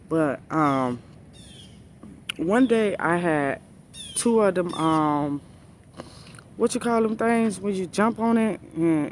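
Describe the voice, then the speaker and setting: Parent vlogger, male, a bit high-pitched, casual exasperated rant, repeats himself. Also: slight background noise. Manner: exasperated storytelling with repeated phrases. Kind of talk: casual venting monologue.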